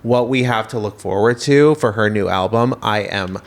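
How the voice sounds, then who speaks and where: Young man co-hosting, measured and hedging. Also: fairly low pitch. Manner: measured, hedging with likes and ums. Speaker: podcast co-host. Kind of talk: casual chat.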